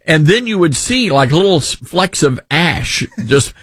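Man, Southern accent, talk radio host, sarcastic rant, husky, lively pitch. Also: measured pace, no echo. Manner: sarcastic, ranting, animated.

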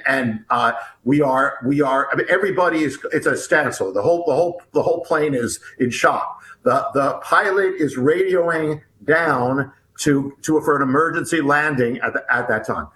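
A man who is an author and guest, telling a story about himself in an animated, halting way, with many restarts and repeated words. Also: mid-range voice. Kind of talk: animated first-person storytelling. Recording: echoey room.

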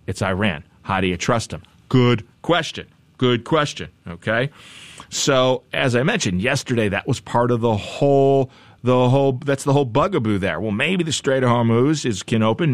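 A man's voice: medium pitch, expressive, moderate pace, no room sound. A man hosting news talk, giving conversational commentary with wry, chatty asides and repeated phrases.

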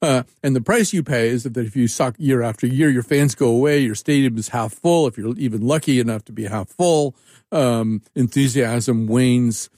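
A man's voice: mid-range voice, normal speed, darkish tone, dry recording. Musing male interviewer, dry sound. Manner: reflective, musing, asks for opinions. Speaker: interviewer host. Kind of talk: conversational interview.

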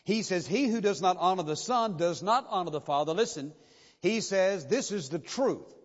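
A pastor preaching a sermon in a church, insistent and emphatic, driving points home with repetition. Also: male voice, high-pitched, lively intonation, normal speed. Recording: dull muffled recording with long hall reverb.

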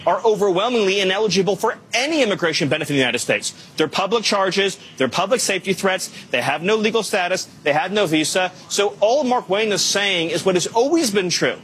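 Man, high voice, rapid delivery, firm, insistent official in an interview. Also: expressive, fairly bright tone, slight background noise. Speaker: government official. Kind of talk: TV interview answer.

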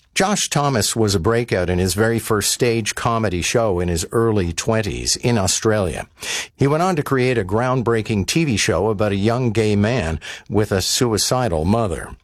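A man's voice: fairly low pitch, no echo. A man hosts a broadcast interview with polished introductions. His intonation moves around a lot. The sound is dry and close. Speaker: radio or TV host.

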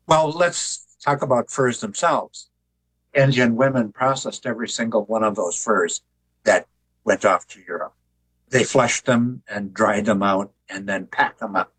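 Older man, husky voice, easygoing storyteller, interview guest. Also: fairly low pitch, unhurried, rough recording. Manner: relaxed storyteller who jokes. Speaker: author and artist, interview guest.

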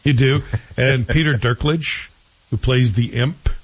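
A man co-hosting a show and chatting in an opinionated, animated way about TV series. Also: medium pitch, measured pace, breathy edge. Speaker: show co-host reviewing TV. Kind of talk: casual chat. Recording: dull lo-fi sound.

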